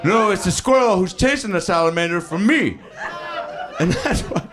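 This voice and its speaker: A man in his thirties doing improvised stand-up, riffing on audience suggestions with profane, animated storytelling. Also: high voice, moderate pace. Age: 30s. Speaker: stand-up comedian. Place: comedy club stage. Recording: live club with crowd laughter. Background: audience laughter.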